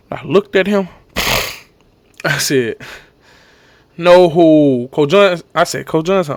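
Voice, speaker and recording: A young man telling an emotional personal story to his viewers, acting out the shouts and the voices of coaches along the way. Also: a little high. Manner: animated, acts out shouts and coaches' lines.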